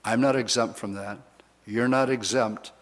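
A pastor preaches a sermon in a church, voicing the lines of the people he quotes. His voice is medium-pitched, fairly even in intonation and a little slow, and the church hall gives it a long reverb.

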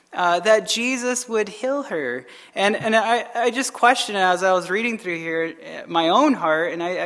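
A man, a pastor, reads scripture aloud and then comments on it in a relaxed, conversational Bible study. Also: high voice. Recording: long reverb of a hall.

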